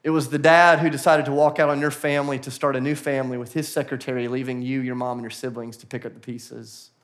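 A man preaching a sermon to a church congregation, earnest and building to animated emphasis, with quick acted-out asides. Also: medium pitch. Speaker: pastor. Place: church auditorium.

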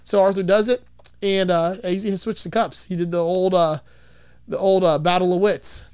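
A man's voice: high-pitched, steady tone, normal speed, a little mellow, clear, resonant tone. A man casually recapping a film as a podcast host, rambling, swearing and laughing as he goes. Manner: rambling, profane, laughs often. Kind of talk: casual chat.

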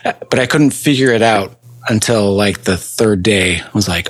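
A man, a band member co-hosting a podcast, telling a story in halting, searching phrases full of restarts. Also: lowish voice, no room sound. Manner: halting, restarts often, slow and searching for words. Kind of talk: casual chat.

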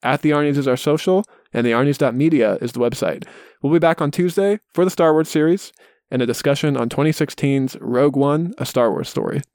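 A man hosting a casual movie podcast in a relaxed, easygoing way. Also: fairly high pitch, fairly quick, no room sound, studio quality. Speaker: podcast host.

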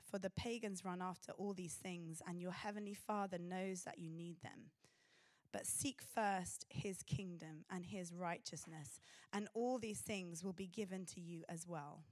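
A woman preaching a sermon in an earnest, pausing way. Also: fairly low pitch, no room sound, studio quality.

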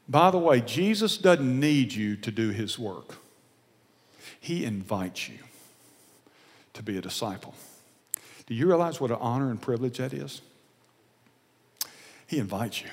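Older pastor preaching in a hall. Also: male voice, on the high side, moderate pace. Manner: animated, acts out dialogue, drops to whispers. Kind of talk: sermon. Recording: long reverb of a large hall.

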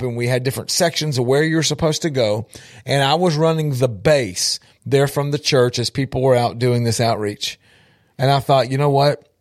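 A man's voice: medium pitch, darkish tone, no echo, studio quality. A man, an outreach minister telling a story with emphatic repetition and direct appeals to listeners. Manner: emphatic, repeats for effect, addresses listeners directly. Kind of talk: storytelling testimony.

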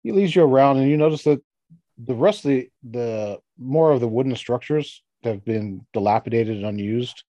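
A man's voice: medium pitch, lively intonation, moderate pace, mellow, no room sound, dull audio. A man running a tabletop game as game master, describing scenes in a loose, rambling way with lots of fillers.

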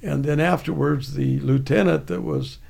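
An older veteran rambles through his memories, restarting often. His voice is heavily gravelly and raspy. It sits a little high for a man. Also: steady tone, normal speed, darkish tone. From United States. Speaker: guest, army veteran. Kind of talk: casual storytelling.

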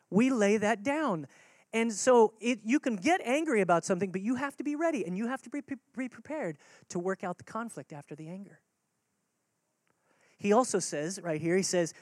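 A man's voice: sits high, darkish tone, dry recording, studio quality. A man preaching a sermon as pastor, earnest and conversational, repeating key words for emphasis.

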